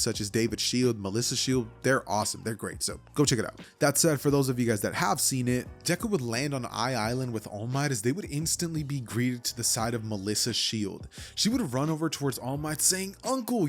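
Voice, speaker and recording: A man's voice: mid-range voice, expressive, fairly quick, few pauses, faint music behind. Casual male fan storyteller. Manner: casual, chatty, with asides to viewers.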